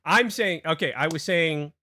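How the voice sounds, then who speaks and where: A man's voice: a little high, moderate pace, bright, forceful tone. A young man from Hawaii chatting casually on a game stream, rambling with many restarts and laughing asides.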